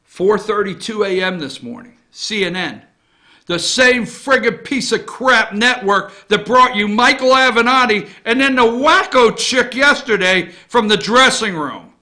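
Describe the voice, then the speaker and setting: A man hosting a morning opinion show, ranting about politics and swinging between loud outraged shouts and low muttered asides. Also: expressive, unhurried.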